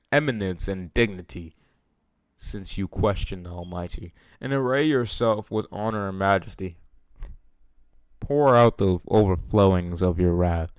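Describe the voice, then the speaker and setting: Smooth, low-voiced young man reading scripture. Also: dry recording, studio quality. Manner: stumbles over words and restarts, laughs at his own asides. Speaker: Bible reader. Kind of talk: reading scripture aloud with casual asides.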